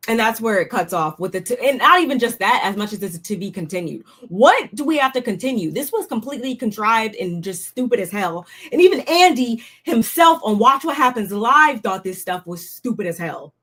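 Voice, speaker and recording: A woman's voice: a little high, sing-song, a little fast, hardly any pauses, fairly bright tone. A young woman giving a casual, blunt recap of a reality show, talking in slang and often sounding fed up. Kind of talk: casual commentary.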